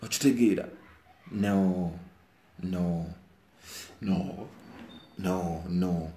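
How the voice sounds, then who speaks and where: A Ugandan man in an emotional direct-to-camera rant, repeating phrases and mixing his local language with English, swinging between quiet brooding and loud outbursts. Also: fairly low pitch, normal speed, pauses often, reverberant. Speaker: musician.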